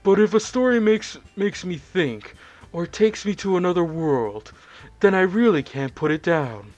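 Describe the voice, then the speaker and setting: A man voicing a shy, bookish young woman while reading a visual novel aloud, keeping his delivery low and hushed. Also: animated, a little slow, no echo. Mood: earnest.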